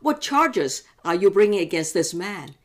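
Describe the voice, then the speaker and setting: A woman's voice: medium pitch, big pitch swings, a little slow. A woman voicing an uneasy Roman governor in a Bible reading, with pointed, raised questions. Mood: questioning.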